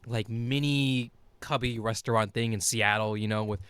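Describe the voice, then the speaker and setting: A man's voice: fairly low pitch, normal speed, clear, resonant tone, no room sound. Rambling, laughing young guy. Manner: rambling storyteller, animated and laughing, swears casually. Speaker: podcast co-host. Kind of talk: casual chat. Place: small podcast studio.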